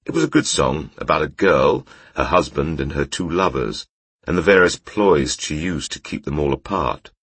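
A man narrating a fantasy story in a measured, unhurried way. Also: very deep voice, lively intonation, fairly bright tone, slightly rough, no echo. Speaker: audiobook narrator.

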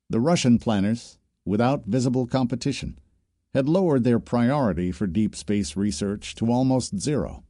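A male audiobook narrator with a low, mellow voice, reading in a steady, measured way. The sound is close and very dry. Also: dry recording. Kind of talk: scripted narration.

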